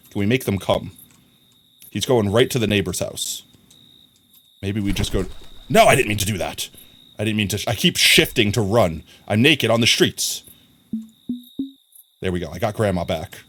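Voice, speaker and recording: A young man casually commentating a live stream, chatty and quick to laugh as he talks to his chat. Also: lowish voice, a bit bright.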